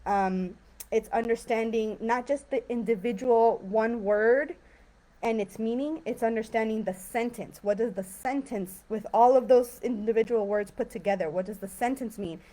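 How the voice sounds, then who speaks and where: A woman's voice: on the high side, moderate pace, dark tone. A woman teaching an English vocabulary lesson on a livestream, chatty and encouraging with plenty of fillers. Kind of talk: live-streamed language lesson.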